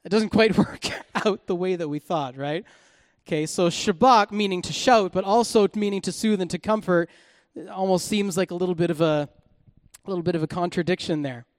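A woman preaching a sermon and reading scripture aloud. She delivers it animatedly and swings from soft, quiet speech to shouting. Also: lowish voice, a little fast, no room sound, studio quality. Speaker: Bible teacher.

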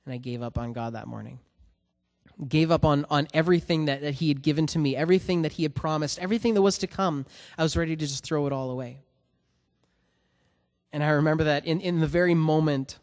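A man's voice: on the high side, a little mellow. A man, a worship musician giving a personal testimony before a song, talking earnestly with many restarts.

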